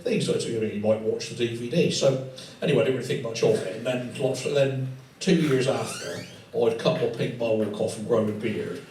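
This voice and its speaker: A man's voice: medium pitch, brisk, few pauses, darkish tone. A male comedian telling a long, rambling, sweary anecdote to a live audience in a tattoo studio, sometimes dropping into impressions of other people. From England. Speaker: stand-up comedian. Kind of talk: stand-up storytelling. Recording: echoey room from far off with crowd laughter. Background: audience laughing.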